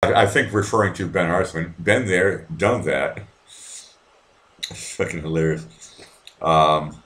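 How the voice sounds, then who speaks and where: A man with a very deep voice hosts a late-night live show from home. He rambles, swears freely and restarts his sentences often. He is from Boston. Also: slow, a bit bright. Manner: rambling, profane, many restarts. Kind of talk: casual live-stream talk with callers. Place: apartment at night.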